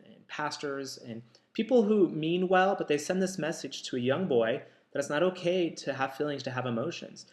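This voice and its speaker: Reflective man talking, echoey room. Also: a little high. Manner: reflective, many ums and restarts. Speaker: author and counselor. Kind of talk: casual talk to camera.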